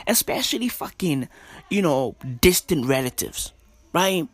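Slow, hushed man ranting. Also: on the high side, lively intonation, dry recording. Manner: slangy, profane, repetitive rambling. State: speaking in a hushed half-whisper. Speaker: podcaster. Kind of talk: casual rant. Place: own bedroom at home.

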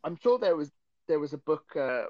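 Man co-hosting a podcast, rambling and chatty, slightly high voice, dry muffled sound. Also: sing-song, moderate pace, darkish tone, dry recording. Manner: chatty, rambling, self-deprecating. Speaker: podcast co-host. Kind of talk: casual chat.

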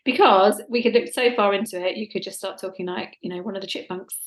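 A woman's voice: mid-range voice, fast. Chatty woman with a Norfolk accent. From England. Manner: chatty, self-deprecating, with lively quoted asides. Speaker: podcast co-host. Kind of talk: casual chat.

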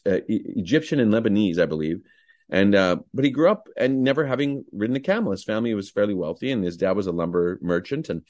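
Rambling, low-voiced man telling stories. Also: darkish tone. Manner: enthusiastic, rambling, many fillers. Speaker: actor, guest. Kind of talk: anecdotal storytelling.

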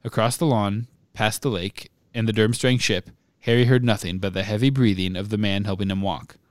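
A podcast host reading a book chapter aloud in measured, even narration. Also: male voice, on the low side, no room sound.

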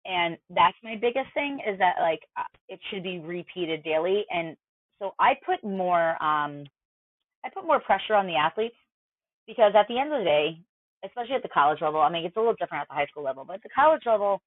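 A woman's voice: on the low side, lively intonation, a little fast, no echo. A woman mental performance coach, a podcast guest, explaining in a chatty way with many fillers. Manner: conversational, explanatory, filler-heavy. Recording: dry tinny phone-like line.

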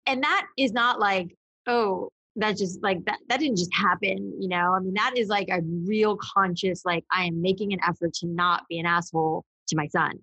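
A woman's voice: mid-range voice, fairly even intonation, moderate pace, sharp tone, breathy edge, no room sound, lo-fi sound. A woman co-hosting a podcast, talking frankly and rambling with lots of fillers and the odd swear word. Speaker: podcast co-host. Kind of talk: candid conversational chat.

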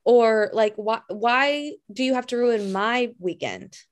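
A woman's voice: a little high, slow. A woman co-hosting a podcast, responding sympathetically and asking questions in casual chat. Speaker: podcast co-host.

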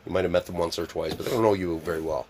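A man telling wild stories in casual chat, swearing freely and loudly acting out the scenes. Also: deep voice, very fast. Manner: animated storyteller, swears a lot, acts out scenes loudly.

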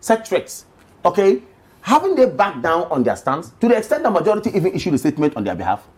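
A panelist arguing a party position emphatically, repeating key phrases. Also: quick pace. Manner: emphatic, repeats phrases, lively swings in pitch. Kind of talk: political panel discussion.

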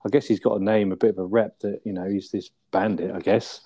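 A laid-back man chats through a film review in a low, mellow voice, swearing casually and tagging his remarks with little questions. The sound is dry and close to the mic. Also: fairly even intonation, fast, husky, dry recording. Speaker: podcast co-host.

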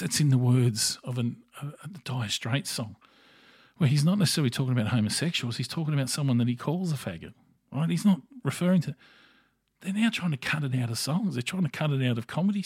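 Blunt gravelly Australian man ranting. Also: medium pitch, no room sound, studio quality. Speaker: podcast host. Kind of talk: opinionated solo podcast monologue.

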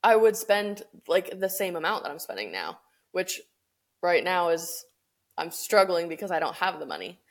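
A woman's voice: lowish voice, big pitch swings, normal speed. A young woman co-hosting a podcast, chatting casually with lots of "like" fillers and easy laughs. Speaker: podcast co-host. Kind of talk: casual chat.

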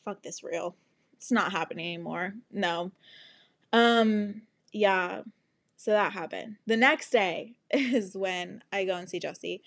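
A young adult woman hosting a podcast, telling a story in a casual monologue full of swearing and sing-song asides. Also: medium pitch. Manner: animated, swears often, breaks into laughs and sing-song asides. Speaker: podcast host.

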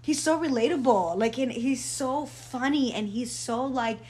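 Brief: woman guest, ministry talk, bubbly and laugh-prone, quick story bursts. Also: sits high, a little mellow, a little hiss or hum. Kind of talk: casual faith conversation.

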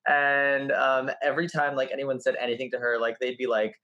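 Bright-voiced rambling man. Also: medium pitch, little pitch movement, brisk, highs cut off. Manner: rambling, full of "like" fillers. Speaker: podcast co-host. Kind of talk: casual chat.

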